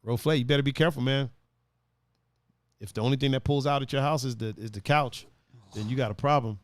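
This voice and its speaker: A man hosting a podcast in casual chat, animated and profane, reading listener comments aloud. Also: medium pitch, fairly quick. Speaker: podcast host.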